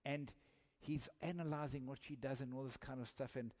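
A man delivers a sermon to his congregation in a relaxed, storytelling way, often doubling back on his words mid-sentence. His voice sits at a middling pitch. Long reverb from a large church hall trails after every phrase. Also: normal speed. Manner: conversational storytelling, repeats words while searching. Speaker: pastor.

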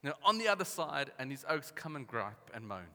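A man preaching a lively sermon, acting out the voices of the people in his stories. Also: medium pitch, fairly quick. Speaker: pastor. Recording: reverberant hall.

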